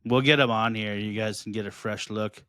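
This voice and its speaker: A man with a lowish voice trades stories on a comedy podcast, swearing freely and breaking into laughter. The sound is close and dry, with no room around it. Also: fairly even intonation, fairly quick, a bit bright, smooth, no echo. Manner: profane storytelling, laughs often. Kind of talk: casual chat.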